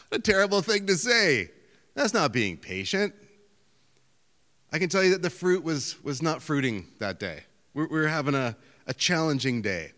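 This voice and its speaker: Middle-aged man preaching in a reverberant hall. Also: medium pitch. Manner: conversational storytelling, self-deprecating, lively outbursts. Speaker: pastor. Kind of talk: sermon.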